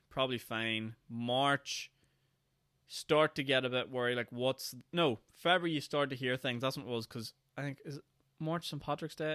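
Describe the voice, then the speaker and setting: A young man with a Northern Irish accent, rambling through a solo podcast with a sarcastic edge and quick mock voices. His tone is bright and clean, and he sounds tired. The sound is dry and close. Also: mid-range voice, no room sound. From Northern Ireland. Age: 20s. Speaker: podcast host. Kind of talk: casual solo podcast monologue.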